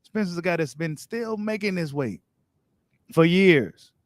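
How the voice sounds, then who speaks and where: This boxing channel host, a man whose voice sits fairly high, chats directly with his viewers in relaxed, slangy fashion as he reads and responds to their comments. His delivery is expressive and measured, and the audio is close-up and dry with no echo.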